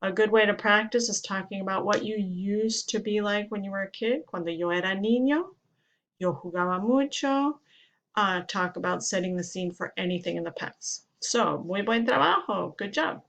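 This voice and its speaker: Woman, Spanish teacher, grammar lesson, steady explanations, example then translation. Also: mid-range voice, normal speed, creaky.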